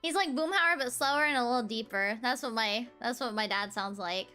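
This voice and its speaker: Bubbly high-voiced young woman streamer. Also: a little fast, sharp tone, soft background music. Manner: giggly, chatty, bubbly. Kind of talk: casual chat.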